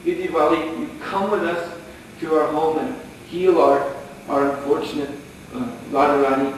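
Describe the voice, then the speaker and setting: A man's voice: a little high, fairly even intonation, normal speed, lightly acted. A man voicing two distraught village women, begging tearfully for help. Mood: pleading. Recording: echoey hall, distant mic, faint noise.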